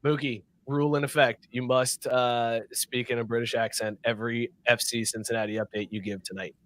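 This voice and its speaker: A man's voice: mid-range voice, level tone, brisk, a bit bright, no echo. A man hosting a casual sports podcast, upbeat and teasing, laughing often. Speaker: podcast host.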